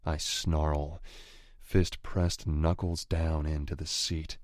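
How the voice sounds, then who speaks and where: A man reads a first-person romance audiobook in a very deep, unhurried voice. His delivery is low and growling, with an edge of menace. The recording is dry and close. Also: little pitch movement, darkish tone, dry recording. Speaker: audiobook narrator.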